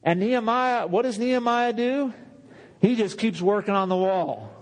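A man with a high-pitched voice preaching a sermon. He keeps it conversational, acting out the quoted voices and laughing often. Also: lively intonation, normal speed.

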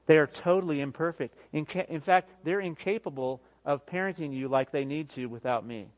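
Male pastor, 30s, preaching, slightly high voice, emphatic swings loud to soft. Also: moderate pace, lo-fi sound. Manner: emphatic preaching, rising to near shouts then dropping soft; repeats "guess what" and laughs at his own jokes. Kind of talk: sermon.

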